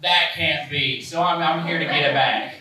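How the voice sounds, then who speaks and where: A man's voice: on the high side, steady tone, moderate pace, pushed and bright. A man playing a scrawny backwoods moonshine drinker, rambling and hesitant. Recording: echoey club from far off, noisy.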